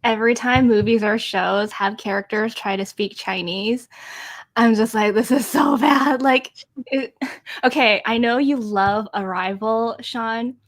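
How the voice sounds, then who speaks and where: A woman's voice: fairly high pitch, fairly even intonation, unhurried. Earnest woman podcast co-host. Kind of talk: casual chat.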